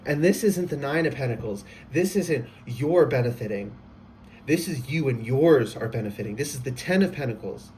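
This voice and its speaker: A man giving a casual spoken tarot reading, excitable and emotional, gushing and laughing often. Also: mid-range voice, moderate pace, distant mic, slight background noise. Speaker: tarot reader.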